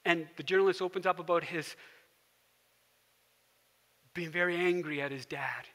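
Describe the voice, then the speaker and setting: A man preaching a sermon as pastor, telling a story and dropping to a soft hush for quiet moments. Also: fairly high pitch, moderate pace, in a large hall. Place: church sanctuary.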